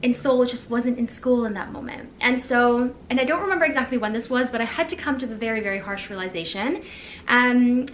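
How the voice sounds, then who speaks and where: A woman's voice: on the high side, brisk, fairly bright tone. A woman in her twenties talking candidly to the camera in a casual vlog, reflective and sprinkled with fillers. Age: 20s. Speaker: vlogger. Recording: echoey with faint background noise.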